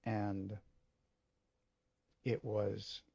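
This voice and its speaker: A man telling a personal story in a halting, emotional way, swearing freely. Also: on the low side, little pitch movement, creaky, mellow, breathy edge, no room sound, dull audio. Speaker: video host.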